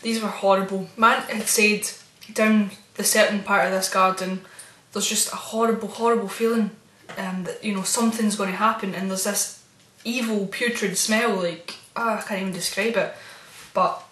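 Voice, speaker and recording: Woman vlogger, mid-pitched, chatty and meandering, soft spooked asides; recorded with roomy echo. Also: steady tone, moderate pace, few pauses. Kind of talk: casual storytelling vlog.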